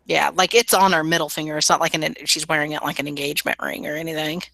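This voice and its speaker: A woman's voice: low voice, flat delivery, quick pace, creaky, sharp tone, dry recording, low-quality recording. A woman player in a tabletop role-play game, chatting casually and dropping to a whisper when speaking in character.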